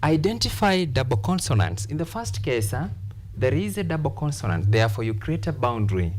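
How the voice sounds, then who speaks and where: A man teaching an English lesson on word stress, explaining slowly and repeating key points for his class. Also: medium pitch, very animated, slight background noise. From Kenya. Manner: slow, repetitive, deliberate explanation.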